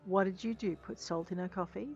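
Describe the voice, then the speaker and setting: Fairly quick and fairly even in intonation, her slightly mellow mid-range voice carries chatty, self-deprecating gameplay commentary that includes replies to the characters. Game music sits under a dull lo-fi mic.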